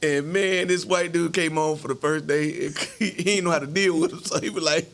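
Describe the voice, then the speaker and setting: A man's voice: fairly high pitch, fairly even intonation, fairly quick, fairly bright tone. A man co-hosting a podcast, telling casual anecdotes and chuckling through them. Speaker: podcast co-host. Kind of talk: casual storytelling.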